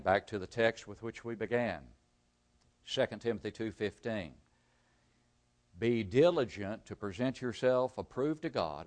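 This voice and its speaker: Man preaching, swinging from loud to hushed. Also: medium pitch. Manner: rises loud for emphasis, then drops to a near-murmur; asks the congregation rhetorical questions. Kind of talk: sermon.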